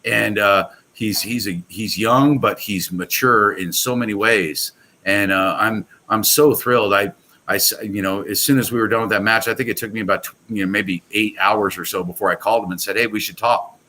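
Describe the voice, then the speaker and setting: A man's voice: on the low side, steady tone, moderate pace, pushed and bright, poor audio. A man talking as a guest on a casual podcast, rambling and enthusiastic with many restarts. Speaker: guest, pool products company owner.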